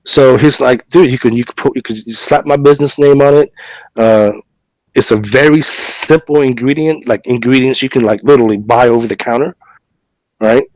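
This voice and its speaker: With a mid-range, slightly mellow voice, fairly even intonation and a moderate pace, a podcast co-host recovering from a cough and fever tells a long, chatty story. He acts out both speakers in a conversation, with frequent fillers, repetitions and restarts. The audio is dry and poor.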